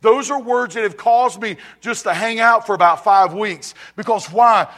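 A man's voice: high voice, normal speed, fairly bright tone. A male pastor preaching a conversational sermon to his church, often repeating phrases and asking the congregation if they are ready. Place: church sanctuary.

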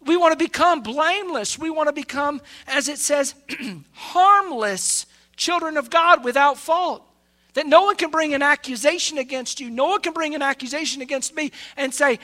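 A man preaching with a strikingly high, piercing voice. His bright, edged tone drives a fervent sermon that dips into soft asides and rises into loud, ringing bursts. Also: moderate pace. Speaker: pastor.

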